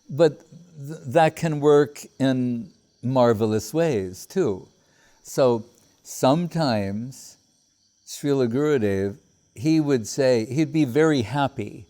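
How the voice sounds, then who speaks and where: A man's voice: medium pitch, lively intonation, slow pace, warm tone. A middle-aged man giving a devotional talk, reflectively telling stories about his teacher. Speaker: spiritual teacher.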